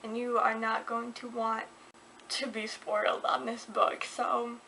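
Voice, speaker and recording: A woman reviewing a book in a casual vlog, gushing and excitable as she talks. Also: fairly high pitch, takes it slowly, a little hiss or hum.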